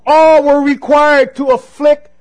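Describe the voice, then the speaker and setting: A man preaching a sermon, telling a personal story and calling out to the congregation, sometimes dropping to a hush for emphasis. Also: extremely high pitch, level tone, slow pace, faint music behind, low-quality recording. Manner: storytelling, call-and-response "Amen?".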